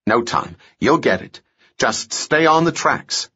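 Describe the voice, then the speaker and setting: A man's voice: medium pitch, animated, slow pace, pushed and bright, slightly rough, muffled recording, exaggerated voice. A man playing a terse, determined hero. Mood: urgent. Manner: terse, clipped orders.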